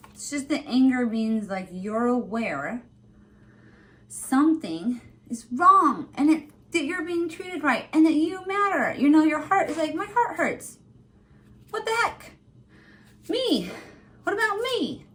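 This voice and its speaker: Woman, high voice, casual vlog rant, emphatic, lots of fillers, acts out other people's lines. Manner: animated, emphatic, many fillers. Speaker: former retail employee vlogging.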